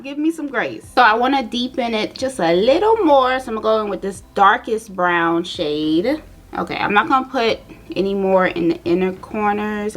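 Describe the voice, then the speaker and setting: A young woman vlogger chatting casually to her viewers, telling a personal story while doing her makeup, animated and direct. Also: medium pitch. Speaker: beauty vlogger.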